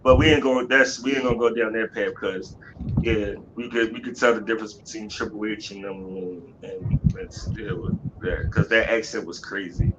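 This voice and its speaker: A man with a lowish voice talks loosely on a podcast, circling back and repeating himself as he goes. The sound is dull and lo-fi. A steady hiss of noise sits behind him. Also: normal speed. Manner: loose, repetitive, restarts often. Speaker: podcast co-host. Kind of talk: casual chat.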